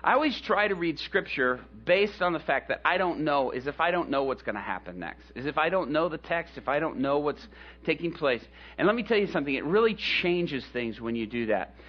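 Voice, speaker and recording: A man who is a pastor, telling a story in a sermon in an animated way, acting out voices and chuckling as he goes. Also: a little high, brisk. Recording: dull lo-fi recording with faint hum.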